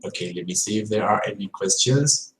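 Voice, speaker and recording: A man's voice: fairly low pitch, a little fast. A male English teacher gives a live-streamed pronunciation lesson. He repeats sounds and words to demonstrate them and keeps checking in with his viewers. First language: Spanish. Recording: roomy echoey room.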